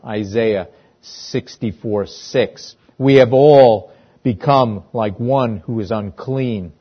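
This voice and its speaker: Male preacher, unhurried and emphatic, leans on repetition; muffled, lo-fi sound. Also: medium pitch. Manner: emphatic, repeats key phrases for weight. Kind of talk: sermon. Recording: dull lo-fi sound.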